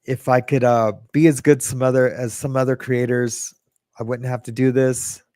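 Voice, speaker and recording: A man's voice: medium pitch, little pitch movement, moderate pace, darkish tone, no echo, studio quality. A middle-aged man hosting a livestream podcast, chatting casually, reading comments from chat and mocking himself as he rambles. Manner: rambling, self-mocking, reads chat aloud. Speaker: podcast host.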